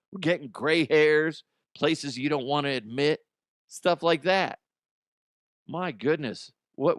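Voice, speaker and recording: A man's voice: fairly high pitch, fairly bright tone, no echo. A man hosting a comedic news podcast, ranting about odd stories with profane, laughing commentary into a close microphone. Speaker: podcast host.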